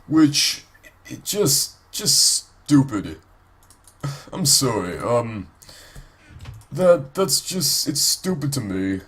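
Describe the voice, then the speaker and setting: A man's voice: medium pitch, very animated, very slow, long pauses, fairly bright tone, husky. A sick man with a congested, nasal voice gives rambling, casual gameplay commentary for his let's play, full of ums and restarts.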